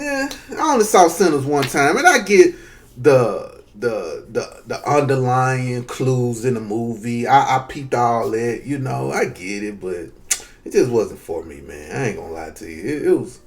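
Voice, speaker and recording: Southern guy venting his opinions to the camera, loose and cussing, mid pitch. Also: animated, a little slow. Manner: loose, conversational, profane, addresses viewers as y'all. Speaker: vlogger giving opinions. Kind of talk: casual opinion rant.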